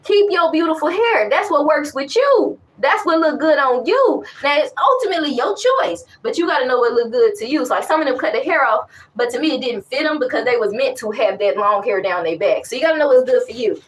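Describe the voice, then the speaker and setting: High-voiced woman chatting candidly, slightly distant. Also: brisk, hardly any pauses. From West Africa. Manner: animated, candid, rambling with many restarts. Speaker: vlogger. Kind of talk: casual chat to camera.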